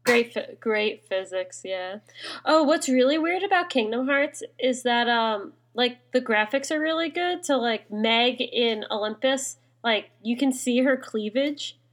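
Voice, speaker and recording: A woman's voice: fairly high pitch, unhurried. A young woman co-hosting a casual podcast, sleepy and yawning, giggling as she chats. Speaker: podcast co-host. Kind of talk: casual chat.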